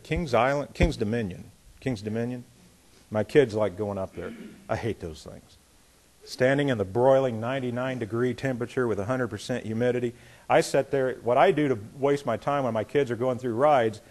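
Middle aged guy pastor preaching, chatty and lively, does little voices for the people in his story. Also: mid-range voice. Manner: conversational, animated, acts out quotes. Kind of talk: sermon with storytelling.

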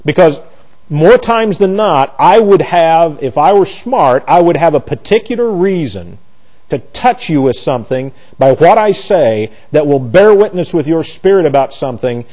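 A man's voice: a little high, big pitch swings, normal speed, a little mellow, rough recording. A man teaching a conversational Bible study class, asking rhetorical questions, restarting phrases and slipping into folksy asides.

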